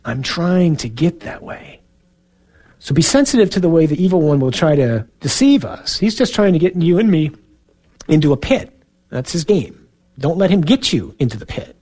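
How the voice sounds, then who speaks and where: Man, priest, sermon, earnest and conversational, slightly high voice. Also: very animated, a little fast. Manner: earnest, conversational preaching with soft asides.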